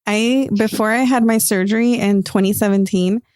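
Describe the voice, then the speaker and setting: A woman's voice: medium pitch, steady tone, moderate pace, a little mellow, no room sound, clean studio sound. A woman hosting a casual podcast who talks emphatically and asks follow-up questions. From United States. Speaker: podcast host.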